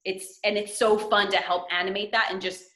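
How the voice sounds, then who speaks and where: A woman wrestling commentator rambles casually on a group call. Her voice is bright and sharp. The room around her is echoey. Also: mid-range voice, level tone, fairly quick. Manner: rambling with restarts. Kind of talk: casual video call chat.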